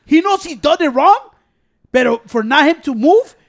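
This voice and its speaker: A man's voice: extremely high pitch, lively intonation, moderate pace, no room sound, studio quality. A man with a Mexican American accent who mixes in Spanish, ranting in profane, repetitive bursts during casual podcast banter at a microphone. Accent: Mexican American English, mixing in Spanish. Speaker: podcast co-host.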